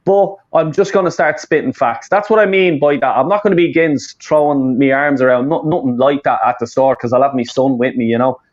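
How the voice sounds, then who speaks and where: A man's voice: mid-range voice, fairly quick, few pauses, dull audio. A man, hosting a casual football fan chat, rambling and swearing with lots of fillers and restarts. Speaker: fan channel host.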